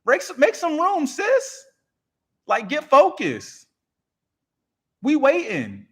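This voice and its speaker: A man's voice: very high voice, wildly swooping pitch, slow, fairly bright tone, pitched above the performer's own voice, heavily acted. A man voicing his own gift as a pushy, slangy buddy who urges him to make room. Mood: urging. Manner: urgent, coaxing, slangy. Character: personified gift, pushy young street-talking buddy.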